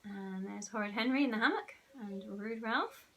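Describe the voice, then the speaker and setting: A woman's voice: medium pitch, normal speed, sharp tone. A woman teacher reading a children's storybook aloud expressively and pointing out the pictures. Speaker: primary school teacher.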